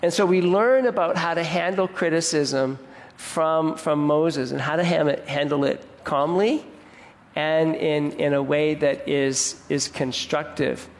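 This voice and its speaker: A male pastor preaches in a relaxed, conversational way, with a voice pitched a little high. His words ring out with a long reverb from the hall around him. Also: unhurried. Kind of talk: sermon.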